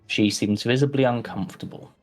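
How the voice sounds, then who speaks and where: A man's voice: medium pitch, fairly quick, soft background music. A man narrating as game master in a tabletop game, hesitant and full of ums while describing scenes.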